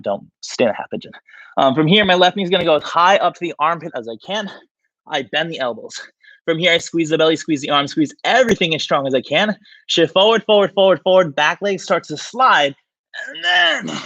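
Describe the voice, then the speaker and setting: Chatty and relaxed, a breathless yoga instructor counts down poses during his livestreamed session. He has a fairly high, fairly bright voice, and the livestream mic produces lo-fi sound without echo.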